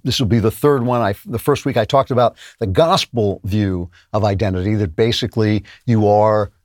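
A man's voice: on the low side, moderate pace, a little mellow, no room sound. A man hosting a solo commentary show, talking conversationally with frequent "uh" fillers on a close mic. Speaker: podcast host.

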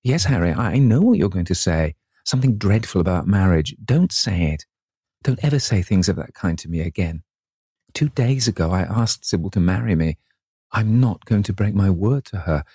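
A man voicing a young, passionate and vain English gentleman, with theatrical emotion. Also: sits low, lively intonation, normal speed, breathy edge, no echo, studio quality, exaggerated voice. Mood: defensive. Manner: impassioned, theatrical.

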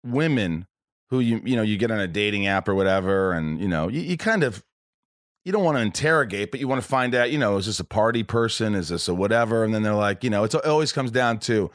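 A man's voice: lowish voice, animated, quick pace, dry recording, studio quality. A man in his forties hosting a podcast, rambling with frequent restarts and stammers, casually profane. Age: 40s. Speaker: podcast host.

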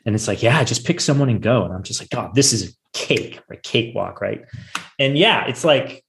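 A man's voice: medium pitch, animated, moderate pace, gravelly. A man hosting a podcast, trading laid-back, joking stories in casual interview chat. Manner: laid-back, joking, self-deprecating anecdotes. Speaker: podcast host.

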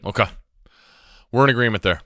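A man co-hosting a sports podcast, speaking earnestly in halting phrases. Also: mid-range voice, sharp tone, dry recording, clean studio sound. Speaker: podcast co-host. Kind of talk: casual sports podcast chat.

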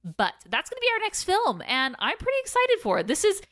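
A woman in her thirties co-hosting a film podcast, chatting casually, animated and laughing often. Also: extremely high pitch, fairly quick. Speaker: podcast co-host, film reviewer. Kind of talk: casual film review chat.

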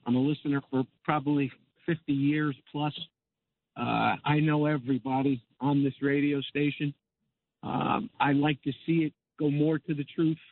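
A man's voice: a little high, flat delivery, moderate pace. An older man calling in to a radio show, speaking hesitantly and stopping often on filler sounds. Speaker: caller. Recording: phone line.

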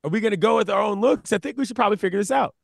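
Male podcast co-host, high gravelly voice, lively and animated, dry close sound. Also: very fast, dry recording. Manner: animated, laughs between lines. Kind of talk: casual podcast chat.

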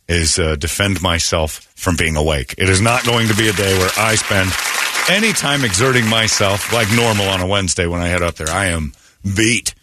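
An American man hosting a morning radio show, rambling and joking with quick asides into a studio microphone. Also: sits low, pushed and bright, slight background noise.

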